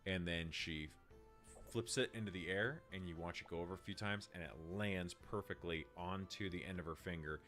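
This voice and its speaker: Man narrating a tabletop game, lowish voice, halting casual delivery, soft music behind. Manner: casual, many fillers. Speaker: game master.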